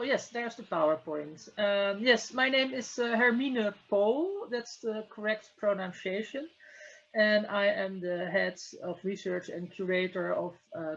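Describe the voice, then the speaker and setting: Female curator giving a structured online talk, husky tone, muffled video-call sound. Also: medium pitch, a bit bright. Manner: measured, structured. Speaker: museum curator and researcher. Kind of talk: conference presentation. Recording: dull lo-fi call audio.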